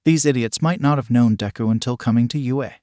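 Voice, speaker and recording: A man voicing a hot-tempered, foul-mouthed teenage boy in a read-aloud story, delivered in a fairly even reading voice. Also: medium pitch, fast, no room sound, studio quality, natural voice. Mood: angry. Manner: brash, insulting, swearing.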